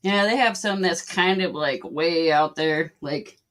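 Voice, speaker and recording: A woman's voice: deep voice, a little slow, fairly bright tone. Laughing woman co-hosting a live chat. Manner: laughs often, loose and rambling. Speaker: co-host. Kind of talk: casual live-stream chat.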